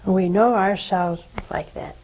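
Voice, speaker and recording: Slow, tender older woman preaching. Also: mid-range voice, fairly even intonation, darkish tone, low-quality recording. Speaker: nun hosting a call-in show. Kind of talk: religious call-in talk.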